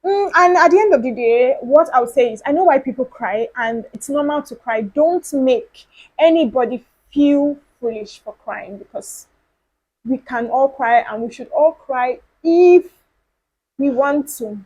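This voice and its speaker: A woman's voice: high-pitched, lively intonation, unhurried, a little mellow, husky, low-quality recording. A woman hosting her own podcast, talking casually and earnestly and repeating her points for emphasis. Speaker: podcast host. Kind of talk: casual solo podcast talk.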